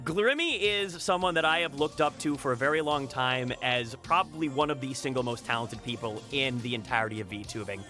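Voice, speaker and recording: A man's voice: medium pitch, brisk, hardly any pauses, pushed and bright, faint music behind. A man hosting a casual chat podcast, rambling and repeating words, laughing often. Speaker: podcast host.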